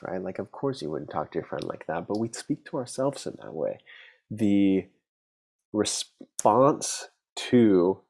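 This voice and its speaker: A man with a very low voice and a gravelly edge to it hosts a solo podcast. He talks off the cuff in a frank, rambling way, restarting his sentences often and swearing now and then. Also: a little mellow. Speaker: podcast host. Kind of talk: unscripted solo podcast monologue.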